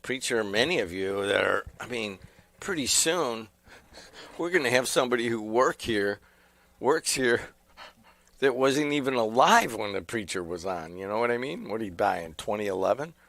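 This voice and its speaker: Man, talk radio host, gravelly, dry close sound. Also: lowish voice, expressive, normal speed, fairly bright tone, dry recording. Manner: rambling, conversational storytelling. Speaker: radio station owner and host. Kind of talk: casual talk radio chat. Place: small radio studio.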